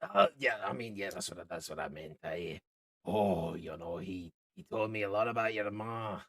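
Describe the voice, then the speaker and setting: A man voicing a drunk, excitable male halfling sailor who shouts and rambles. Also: on the low side, fast talker, creaky, slightly rough, full character voice. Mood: rambling.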